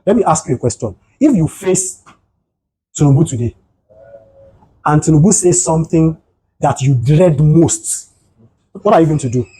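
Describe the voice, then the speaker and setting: A man with a Nigerian accent speaks to a gathered group as a psychotherapist. His voice is mellow and a little husky, and he builds his points through personal stories and rhetorical questions. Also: on the high side, normal speed, pauses often, poor audio. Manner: animated storytelling, rhetorical questions. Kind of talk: motivational talk to a group.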